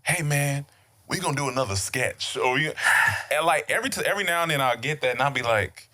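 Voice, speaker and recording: Easygoing man with a bright voice. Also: a little high, fast talker. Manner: relaxed, easygoing, laughs often. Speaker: podcast guest. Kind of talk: casual chat.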